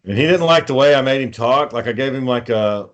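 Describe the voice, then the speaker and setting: A man's voice: medium pitch, brisk. A man hosting a podcast, telling long, profane, rambling stories in casual chat. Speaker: podcast host.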